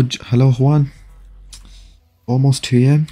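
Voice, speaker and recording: Young man, excitable live game streamer, lively pitch, slightly husky, faint music behind. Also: unhurried. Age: young adult. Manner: excitable, pleading and laughing, talks to chat. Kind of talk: live gaming stream chatter.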